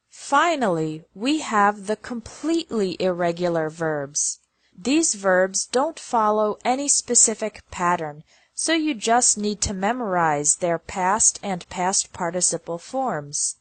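A woman reading an English lesson, pronouncing verb lists slowly one word at a time. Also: medium pitch, very animated, no room sound. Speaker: English teacher. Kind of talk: slow scripted lesson narration.

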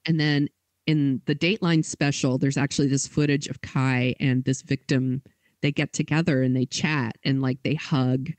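A man hosting a podcast, telling a story in a casual way, with lots of fillers and quick acted quotes. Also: medium pitch, steady tone, dry recording. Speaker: podcast host.

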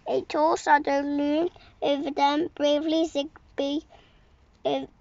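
A woman reading a picture book aloud slowly at bedtime, sometimes slipping and correcting herself. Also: sits high, level tone, creaky, a little mellow, dry recording. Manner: slow, unhurried reading with occasional slips and corrections. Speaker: storyteller. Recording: dull lo-fi home recording.

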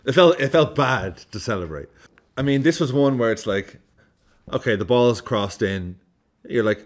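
A man, giving animated, casual football commentary as a vlogger. He swears freely and acts out his reactions. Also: lowish voice, normal speed.

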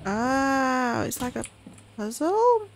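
A woman's voice: high voice, big pitch swings, extremely slow, slight background noise. Chatty woman playing a horror game. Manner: chatty, reacts aloud while playing. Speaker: gaming channel host. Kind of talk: casual let's-play commentary.

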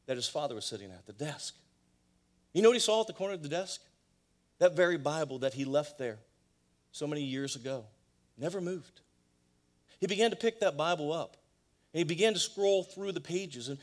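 Man preaching a story-driven sermon. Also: a little high. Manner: dramatic storyteller, voice rising and falling widely. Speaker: pastor. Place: church sanctuary.

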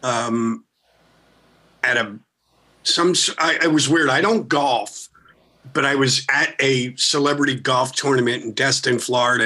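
A man from Philadelphia, a rock singer, telling stories in casual, profane, animated talk as a podcast guest. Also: mid-range voice. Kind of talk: casual storytelling.

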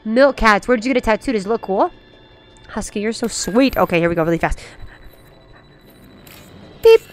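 A bubbly, playful young woman streams a video game live, gasping and chattering with her viewers in an animated mid-range voice at normal speed. She pauses often, and faint game music plays beneath her.

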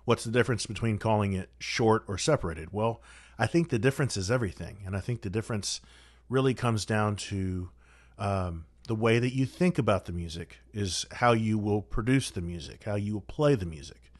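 Man, lowish voice, trombone teacher, methodical coaching, dry close sound. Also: moderate pace, no echo. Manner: methodical, coaching, direct advice to students. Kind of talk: instructional practice guide.

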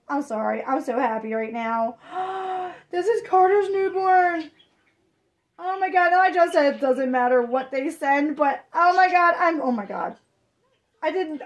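A young adult woman vlogging an unboxing, gushing with excited exclamations. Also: sits high, slow pace. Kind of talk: unboxing chat.

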